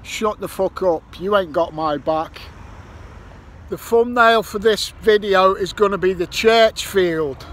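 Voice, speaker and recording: A man with a bright, fairly high voice grumbles and swears at an unhurried pace as he waits outdoors. He makes up rhymes as he goes, and traffic hums faintly behind him. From Ireland. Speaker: metal detecting vlogger. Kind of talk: casual vlog monologue. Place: outdoors by a roundabout near a petrol station. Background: passing traffic.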